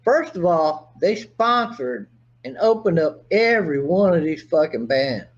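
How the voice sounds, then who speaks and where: A man's voice: a little high, big pitch swings, measured pace. A man delivering a rambling, theatrical monologue to camera in a dull lo-fi recording. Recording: dull lo-fi video audio.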